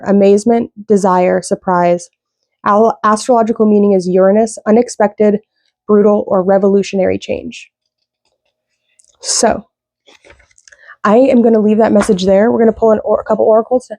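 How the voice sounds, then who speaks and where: A woman giving a casual tarot reading, rambling with lots of fillers, slow when she reads out card meanings. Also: mid-range voice, fairly even intonation, creaky, mellow, no echo. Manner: rambling, loose, with many fillers. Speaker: tarot reader.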